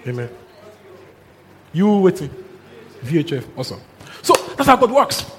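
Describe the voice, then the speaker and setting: Speaking at a moderate pace, this high-voiced man preaches in an echoing hall, turning his sermon into animated storytelling. Chuckles and local exclamations pepper his delivery, while faint background noise sits beneath the long reverb.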